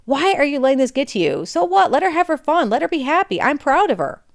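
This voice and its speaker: A woman's voice: high voice, sing-song, quick pace, gravelly, dry recording, clean studio sound, pitched above the performer's own voice, exaggerated voice. A woman voicing a kind teenage boy who speaks up for a friend. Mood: reassuring. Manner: reassuring.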